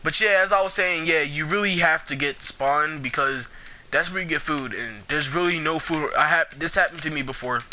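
Young male gamer, bright edgy voice, quick to curse, faint keyboard clatter behind. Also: a little high, a little hiss or hum. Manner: excitable, swears a lot, trash-talks opponents. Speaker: gameplay commentator. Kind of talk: casual gameplay commentary.

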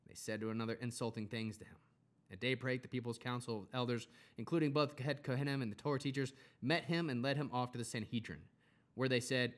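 A man reading scripture aloud, steady, with occasional self-corrections. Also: mid-range voice, fairly quick. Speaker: Bible reader.

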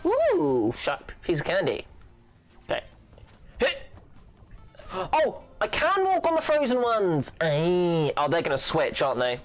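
A playful gaming host talks through a platformer, tossing in silly beeps and munching noises. The voice sits at a middle pitch but leaps up and down all the time. Soft game music plays underneath. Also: wildly swooping pitch, measured pace, pauses often. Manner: playful and goofy, with silly sound effects. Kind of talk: let's play commentary.

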